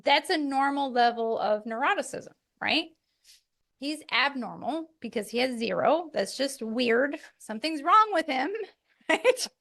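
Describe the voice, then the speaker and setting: A woman co-hosting a family podcast in casual chat, talking in a lively way and laughing easily. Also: high voice, unhurried, vocal fry. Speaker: podcast co-host.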